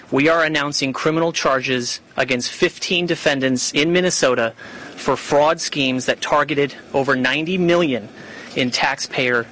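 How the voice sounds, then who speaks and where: A man's voice: medium pitch, fairly bright tone, slight background noise, poor audio. A man, a government official, reading a prepared statement at a press conference in a formal, emphatic way.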